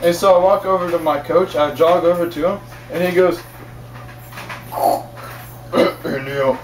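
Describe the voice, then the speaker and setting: Young guy rambling through a story, kinda high voice, repeats himself a lot, far from the mic, echoey room, some faint noise. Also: fairly even intonation, a little fast. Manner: rambling, repetitive, chuckling. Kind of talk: casual storytelling.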